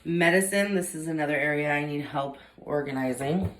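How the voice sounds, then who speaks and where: A woman's voice: deep voice, moderate pace, a little hiss or hum, low-quality recording. A woman vlogging at home into her camera, a mother chatting casually and rambling with lots of "like" fillers. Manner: rambling, heavy use of "like" fillers.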